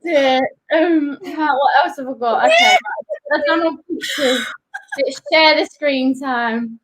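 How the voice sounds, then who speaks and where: A woman's voice: high-pitched, very animated, slow pace, fairly bright tone, low-quality recording. A woman co-hosting a football fan show, chatting casually and giggling as she shares her screen on a video call. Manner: giggly, chatty, talks through screen-sharing. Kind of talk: casual chat.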